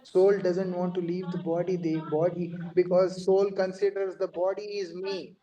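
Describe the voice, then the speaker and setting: A monk giving an earnest devotional lecture, explaining verses phrase by phrase, on a dull lo-fi recording. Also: male voice, high voice, little pitch movement, moderate pace, dark tone.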